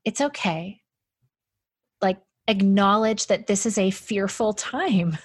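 A woman's voice: medium pitch, slow, slightly rough, no room sound, studio quality. A woman talking as a podcast guest in a casual, chatty conversation, with lots of "like" fillers and frequent laughs.

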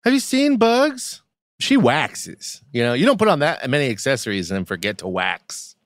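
A man's voice: medium pitch, a little fast, no echo, clean studio sound. A man co-hosting a comedic chat show, ranting in mock outrage and joking around. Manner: animated, mock-outraged, jokey rants. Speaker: podcast co-host.

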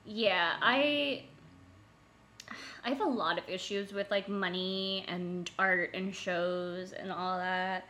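A woman's voice: lowish voice, slow pace, sharp tone. A young woman co-hosting a podcast, talking in casual chat and filling her sentences with "like". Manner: chatty, heavy use of "like". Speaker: podcast co-host.

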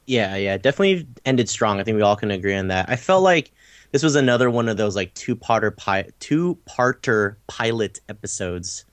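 A man's voice: on the low side, animated, no room sound. A man hosting a casual podcast chat, enthusiastic and swearing freely. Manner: enthusiastic, swearing, quick asides. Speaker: podcast host.

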